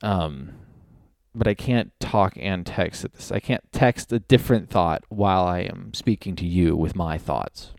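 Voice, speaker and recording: A man's voice: low voice, a little slow, vocal fry, darkish tone, no room sound, studio quality. A man hosting a solo comedy podcast from his home, rambling and crude and losing his train of thought. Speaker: podcast host.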